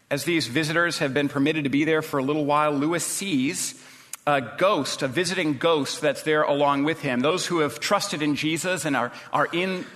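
Fairly high-voiced male pastor preaching. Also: bright, forceful tone, long reverb tail. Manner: conversational, with restarts. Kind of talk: sermon.

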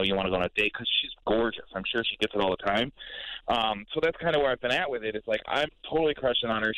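A young man talks haltingly on a radio call, stumbling through fillers and restarts. His voice is dry and close. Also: lowish voice, bright, forceful tone, dry recording, poor audio. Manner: hesitant, rambling, full of fillers. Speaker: caller.

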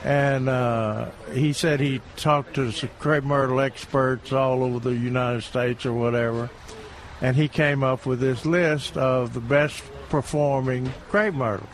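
Halting man, garden radio host. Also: mid-range voice, fairly even intonation. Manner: halting, repeats words. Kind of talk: casual radio chat.

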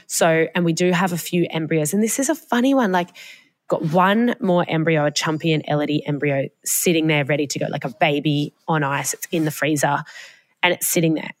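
A woman's voice: deep voice, brisk. A young Australian woman co-hosting a podcast, telling a personal story in a casual, chatty way and swearing freely. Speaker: podcast co-host. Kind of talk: casual chat. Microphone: podcast mic, remote call.

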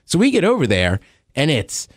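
A man co-hosting a podcast in casual chat, telling stories with a voice that jumps high when excited. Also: normal speed, dry recording, studio quality. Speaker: podcast co-host.

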